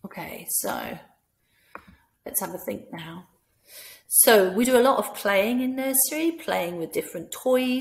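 A woman with a Scottish accent gives practical teaching advice in an instructional tone. She often breaks into a bright, lively voice to act out talking with imagined children. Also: lowish voice, normal speed, vocal fry. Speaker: teacher trainer. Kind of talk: instructional talk with classroom role-play.

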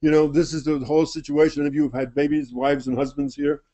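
A man teaching at a study center, retelling a scripture story to a gathering in an animated way and repeating phrases for emphasis. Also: fairly high pitch, brisk. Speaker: religious teacher. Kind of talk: storytelling sermon.

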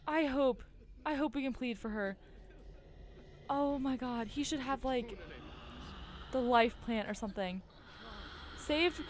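Woman, high voice, lively swooping pitch, excitable let's-play commentary, home mic. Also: unhurried, pauses often. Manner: excitable, gasping and squealing at game events. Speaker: gaming YouTuber.

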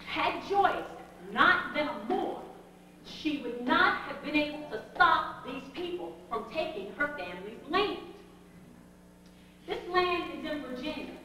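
A woman telling a story to a group in an animated, emphatic way, often laughing. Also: high voice, unhurried, a little hiss or hum. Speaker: speaker addressing a group. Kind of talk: storytelling talk. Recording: echoey hall from a distant mic.

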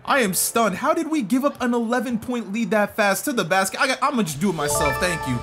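A young man giving excitable commentary over a basketball video game, often yelping and shouting at plays. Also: high voice, quick pace. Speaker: gaming YouTuber. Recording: game music playing behind.

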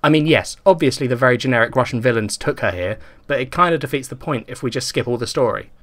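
A man voicing a whiny, impatient male sidekick detective who complains in a higher, exasperated tone. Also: lively intonation, fast, fairly bright tone, close to an everyday voice. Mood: whining. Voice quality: whining, exasperated.

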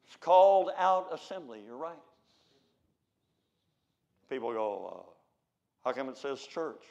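An American man preaching a sermon, swinging between loud shouted declarations and low, quiet asides. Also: sing-song, takes it slowly, creaky, dull audio.

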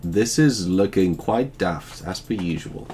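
A man's voice: deep voice, lively intonation, measured pace, warm tone, a little hiss or hum. A man chatting while streaming a game, joking and teasing his co-host. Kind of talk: casual gaming chat.

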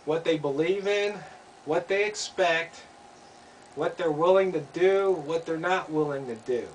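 A man's voice: fairly high pitch, a little slow. A man giving an opinion monologue, asking pointed rhetorical questions and repeating himself. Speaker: commentator. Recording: distant mic, faint background noise.

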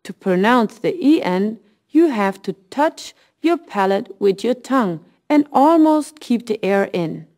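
Female teacher voice for a scripted lesson, slow and clear delivery, lively pitch. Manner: slow, clear, modelling phrases at half speed. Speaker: language teacher.

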